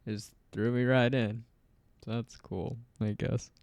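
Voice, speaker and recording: A man's voice: medium pitch, level tone, a little slow, gravelly, darkish tone, slight background noise. A man giving casual let's-play commentary, thinking aloud, rambling and self-deprecating, often laughing at himself. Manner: thinks aloud while playing. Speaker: gameplay streamer.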